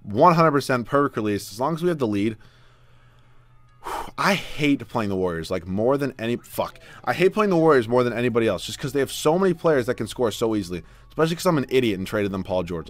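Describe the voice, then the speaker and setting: A young man giving live video game commentary, exasperated and swinging from low muttering to loud yelling. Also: animated, fast talker, no room sound. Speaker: gaming YouTuber. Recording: dry close mic with faint background music.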